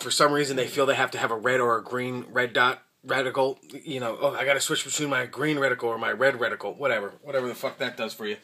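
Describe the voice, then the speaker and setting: A man with a bright, forward voice recounts a story in a loose, conversational monologue. He swears freely and stumbles through restarts, and he mimics the people in his story with lively shifts. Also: medium pitch. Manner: many restarts and fillers. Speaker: vlogger reviewing rifle gear.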